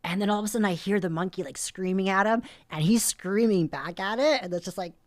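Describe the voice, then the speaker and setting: A woman from North America, a podcast guest, telling a story in an animated, casual way and often quoting herself. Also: medium pitch, fast. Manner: animated, frequent "like" fillers, quotes herself.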